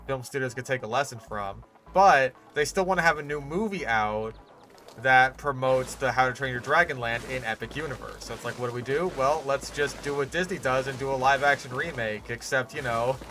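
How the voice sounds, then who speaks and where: Bright-voiced, sarcastic gaming YouTuber. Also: male voice, medium pitch. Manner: profane, sarcastic and ranting, with many fillers. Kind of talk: casual ranting commentary while building a park in a game.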